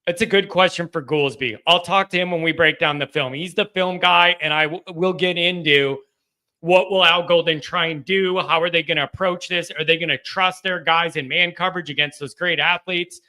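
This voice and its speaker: A man's voice: fairly high pitch, fairly even intonation, normal speed, bright, forceful tone. A man hosting a live call-in sports talk show, blunt and combative as he answers viewers. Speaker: show host.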